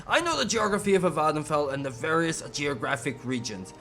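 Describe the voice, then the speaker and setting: Dude doing a low braggy townsman voice, slow smug drawl, swoopy, little music under it. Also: animated. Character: boastful male townsman, smug and chatty.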